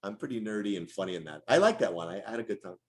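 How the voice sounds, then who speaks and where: A man's voice: on the low side, very fast. A middle-aged man, a voice actor, telling stories in a casual interview and slipping into character voices. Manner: animated storyteller who drops into character voices.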